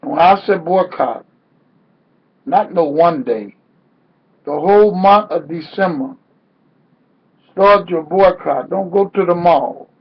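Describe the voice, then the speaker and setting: A man's voice: high-pitched, takes it slowly, pauses often, slightly rough. A man giving an impassioned protest speech with a preacher-like cadence that rises into cries, heard on a dull lo-fi recording. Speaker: activist speaker. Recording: dull lo-fi sound.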